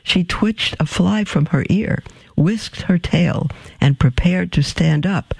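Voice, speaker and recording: A man reading a children's story aloud at an unhurried pace, stopping now and then to explain an aside. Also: high-pitched, creaky, husky, dry recording. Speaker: reader.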